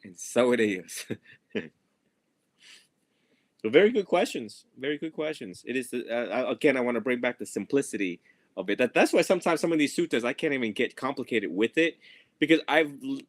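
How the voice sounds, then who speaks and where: A man's voice: mid-range voice, lively intonation, fast talker, dry recording. A man teaching a group on a call, in a casual, playful dharma talk, laughing often and mimicking his students. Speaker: Buddhist monk teaching a group. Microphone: video or phone call.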